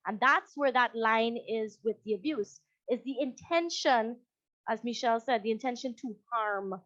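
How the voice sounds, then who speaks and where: A high-voiced woman with a Guyanese accent, talking to an audience on a video call. She is conversational and animated, slipping into other voices to act out what parents say. The sound is dry and a little dull, as from a call mic. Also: moderate pace, no echo. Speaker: psychologist.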